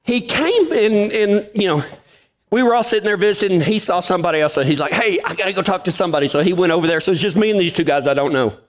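A man's voice: high-pitched, quick pace. A man preaching a sermon, telling a folksy story and acting out the dialogue. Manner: folksy, drawling anecdotes with acted-out dialogue. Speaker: pastor.

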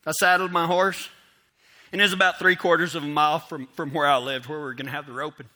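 Man, higher-pitched, very bright tone; rambling self-mocking storyteller who plays out his own inner voice. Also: little pitch movement, quick pace. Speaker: storyteller speaking to an audience. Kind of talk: casual storytelling.

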